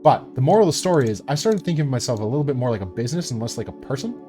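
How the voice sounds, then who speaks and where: A man chatting casually on a live stream while he builds and paints miniatures, telling stories in a profane, animated way. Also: medium pitch, racing, over music.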